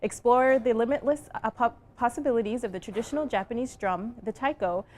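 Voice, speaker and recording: A woman hosting a local TV show, reading scripted segments and interviewing guests in a bright, upbeat way. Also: on the high side, brisk. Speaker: TV show host.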